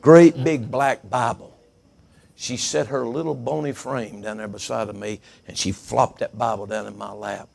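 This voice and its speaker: A man's voice: fairly low pitch, fairly even intonation, moderate pace, vocal fry, hardly any pauses, a little hiss or hum. A middle-aged man preaching a sermon, telling folksy stories and repeating words for emphasis.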